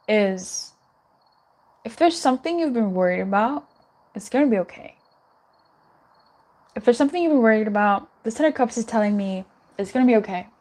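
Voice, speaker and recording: A young woman with a somewhat high, slightly mellow voice does a live tarot reading. She's chatty and reassuring, giggling and swearing now and then.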